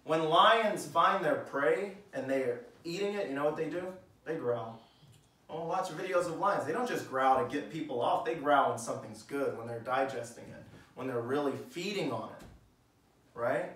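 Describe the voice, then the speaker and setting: A man preaches in an echoey church hall, his pastoral sermon conversational and full of rhetorical questions. His voice is a little high and a bit bright at a moderate pace, with the mic placed at a distance.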